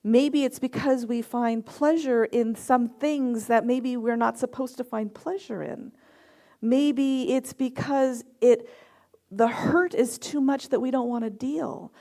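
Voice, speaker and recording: A middle-aged woman minister preaching at a church service, with a slightly high voice and a gravelly edge. She tells personal stories in an animated way and acts out her own reactions as she goes. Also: slow pace. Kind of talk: sermon with personal anecdotes.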